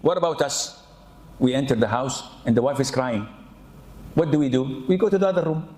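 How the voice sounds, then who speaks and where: A man preaching a lively sermon with humorous asides, animated and often saying 'yani'. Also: mid-range voice, brisk. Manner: animated, mimics people, peppers speech with 'yani'. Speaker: Islamic preacher. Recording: echoey hall.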